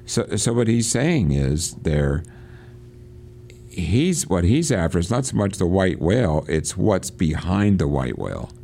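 Radio host, deep voice, warm tone, reads passages aloud and stumbles into restarts. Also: male voice, big pitch swings, measured pace, gravelly, a little hiss or hum. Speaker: radio host reading and discussing a novel. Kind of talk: casual reading and discussion on radio. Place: church.

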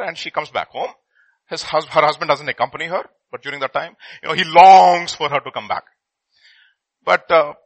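A middle-aged man telling a story in a sermon, swinging between loud and hushed. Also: fairly high pitch, no room sound, poor audio.

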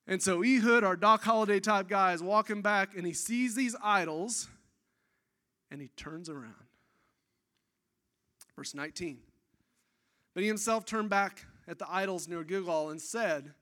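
An excitable man preaching, his voice pitched high for a man and ringing bright. He tells the scripture story dramatically, with casual, chatty asides to his listeners. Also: moderate pace. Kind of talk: energetic sermon storytelling.

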